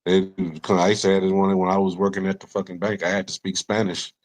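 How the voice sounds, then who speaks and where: Deep-voiced man, rambling profane talk. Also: little pitch movement, quick pace. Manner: rambling, profane explaining with many fillers. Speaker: podcast co-host. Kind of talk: casual chat.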